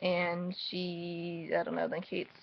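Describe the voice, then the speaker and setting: A woman's voice: on the low side, completely flat delivery, slow pace, creaky. Snarky woman vlogger on a lo-fi mic. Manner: snarky, rambling, mocking asides. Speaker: book reviewer. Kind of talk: casual sarcastic chapter recap.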